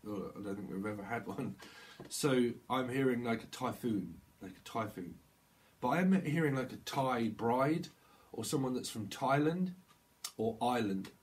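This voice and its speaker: A man from the United Kingdom with an expressive, mid-range voice gives a loose, rambling channeled tarot reading to camera at a moderate pace. He laughs often and acts out little quoted voices.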